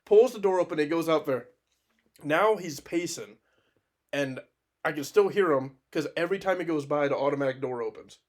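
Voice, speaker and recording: A man co-hosting a podcast, telling a wild anecdote in casual chat, animated and profane, laughing often. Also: fairly high pitch, moderate pace. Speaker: podcast co-host.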